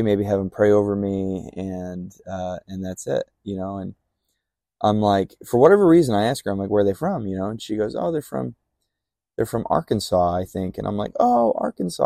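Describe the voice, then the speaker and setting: A man's voice: lowish voice, dark tone, dry recording, studio quality. A young man casually telling a personal testimony on a podcast, rambling with fillers and acting out remembered dialogue. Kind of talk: casual storytelling.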